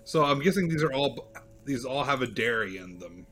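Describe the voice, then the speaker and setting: An easygoing man joins a podcast game show as a guest, and his voice sits at an ordinary middle pitch. He chats loosely, restarts his sentences and laughs often. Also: lively intonation, normal speed, fairly bright tone. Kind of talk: casual chat.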